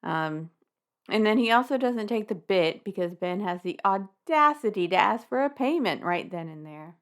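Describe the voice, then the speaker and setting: Creaky-voiced woman recapping a book. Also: medium pitch, animated, moderate pace. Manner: wry, laughing, swears casually. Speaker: podcast co-host. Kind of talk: casual chat recapping a children's book.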